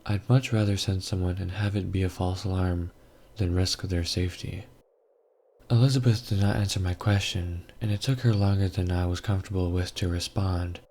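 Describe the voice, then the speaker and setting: Deep gravelly male horror narrator. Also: fairly even intonation, normal speed, mellow. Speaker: story narrator. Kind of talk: scripted horror story narration.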